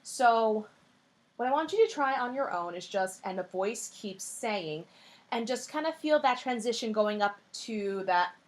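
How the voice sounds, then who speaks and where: A woman's voice: fairly high pitch, expressive, normal speed. A woman voice teacher giving a singing lesson in a patient, coaching way, her voice a little scratchy. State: slightly scratchy voice.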